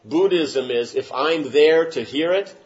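A man's voice: fairly high pitch, a little slow, darkish tone, muffled recording. A man teaching a class and answering questions, talking in an emphatic, rambling way with many restarts. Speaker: spiritual teacher.

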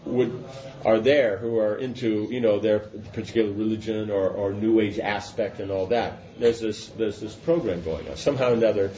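A man with a lowish voice teaches a scripture class in a relaxed, talky way, checking in with his listeners as he goes. The recording is dull and lo-fi, with a faint hiss underneath. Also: moderate pace. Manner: conversational, checks understanding with asides. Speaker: religious teacher.

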